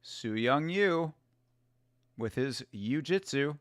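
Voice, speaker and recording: A man with a medium-pitched, animated voice speaks slowly while hosting a fight watch-along, addressing chat in a loose, joking, foul-mouthed way. The recording is dry and studio quality.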